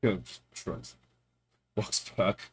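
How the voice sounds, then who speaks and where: A man's voice: takes it slowly, slight background noise. A man narrating as game master of a tabletop game, playful and loose, with lots of fillers.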